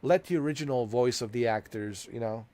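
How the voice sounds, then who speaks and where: Laughing often, a man streaming a story game cracks jokes about film dubbing and mimics foreign accents and dubbed voices in casual commentary. He talks fairly quickly with a warm, medium-pitched voice.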